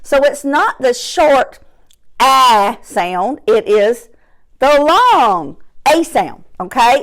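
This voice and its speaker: A woman teaching a phonics lesson to young children, stretching out sounds and words slowly and clearly while seated at her desk. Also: sits high, sing-song, fairly bright tone. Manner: slow, drawn-out sounds, emphatic. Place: classroom or home desk, seated in chair.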